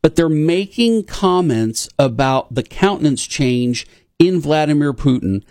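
A man hosting a talk show, speaking haltingly with many pauses and restarts. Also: fairly high pitch, lively intonation, a little mellow, no echo, clean studio sound. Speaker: show host.

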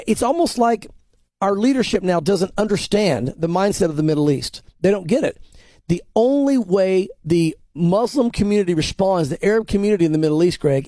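Emphatic high-voiced pastor, mellow tone. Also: male voice, normal speed, no room sound, clean studio sound. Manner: emphatic, repeats words while building a point; acts out other people's lines in quoted voices. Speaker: pastor and prophecy commentator. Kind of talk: conversational podcast commentary.

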